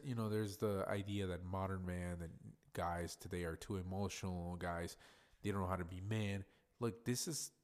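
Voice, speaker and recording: A man with a very deep, low-pitched voice hosts a solo podcast. He talks casually and bluntly, swears freely, and gives advice in a plain, straight-talking way. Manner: blunt, profane and conversational. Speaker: podcast host. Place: workplace in a hotel lobby.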